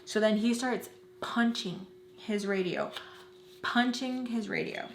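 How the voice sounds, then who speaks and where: A woman's voice: fairly high pitch, a little hiss or hum. A woman vlogger telling a personal story in a casual, emotional way, with many fillers. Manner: emotional, rapid retelling full of "like". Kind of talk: casual storytime while doing makeup. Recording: roomy echo.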